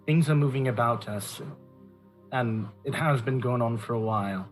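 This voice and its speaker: Player in character, steady mid voice, faint music. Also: mid-range voice, moderate pace, poor audio. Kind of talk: in-character tabletop role-play.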